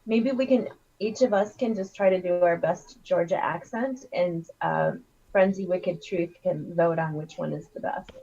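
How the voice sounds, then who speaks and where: A woman's voice: lowish voice, normal speed, few pauses, dark tone. A woman co-hosting a casual livestream chat, rambling and giggly as she riffs on ideas. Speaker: co-host. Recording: dull lo-fi stream audio.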